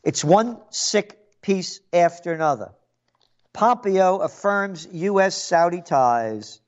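A man's voice: high-pitched, animated, slow pace, highs cut off. An older man hosting a call-in radio show, rambling and sarcastic, often repeating words. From the Bronx, New York. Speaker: radio talk show host.

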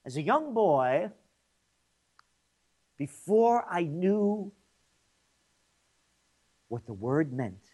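A man's voice: fairly high pitch, very animated, very slow, pauses often, a little mellow, husky. Combative, sarcastic New man. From New York. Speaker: commentator and host. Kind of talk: ranting political monologue.

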